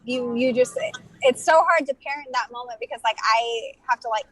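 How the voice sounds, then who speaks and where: A woman's voice: fairly high pitch, moderate pace, fairly bright tone, dry recording, poor audio. A woman in her thirties, a podcast guest chatting casually, laughing and filling her talk with "like". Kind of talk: casual chat.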